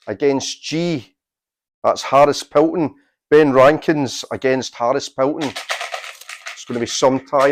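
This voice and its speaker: A man, hosting a quiz and announcing its tournament draw in a deliberate, unhurried way with dry asides. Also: a little high, a little hiss or hum. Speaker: quiz host.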